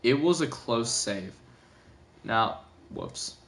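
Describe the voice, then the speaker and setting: A young man comments on a replay of his own race in a gaming video, gameplay music playing behind. He's casual, sleepy and yawning, rambling with lots of fillers and self-corrections. His medium-pitched voice is creaky and a bit bright, with huge pitch swings and drawn-out words.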